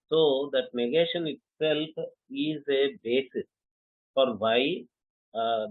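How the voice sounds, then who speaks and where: A man's voice: medium pitch, no room sound. A man summarizing a scholarly lecture, explaining step by step with frequent hesitations. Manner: hesitant, many uh fillers, measured explanations. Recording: dry phone-like line.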